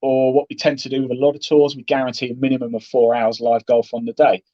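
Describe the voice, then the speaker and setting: A man talks golf broadcasting at a brisk clip, chatty and animated, slipping into little acted-out exchanges. The recording is dry and a bit dull, like a lo-fi podcast mic. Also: medium pitch, dry recording. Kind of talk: casual interview talk.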